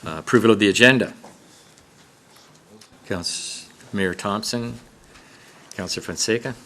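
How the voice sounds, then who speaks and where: Low-voiced man chairing a meeting. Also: a bit bright, slight background noise. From Canada. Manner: informal, halting, with many fillers. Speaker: council chair.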